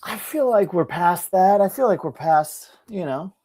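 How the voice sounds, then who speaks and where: A young man co-hosting a casual chat show, an animated storyteller who acts out the people in his stories. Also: high-pitched, a little slow. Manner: animated storyteller, mimics people with shouts and laughs. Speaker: podcast co-host.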